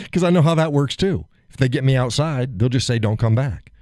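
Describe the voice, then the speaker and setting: A man's voice: mid-range voice, animated, normal speed, a little mellow, dry recording, clean studio sound. A middle-aged man hosting a live show, casually retelling a story, acting out quotes, swearing freely and laughing often.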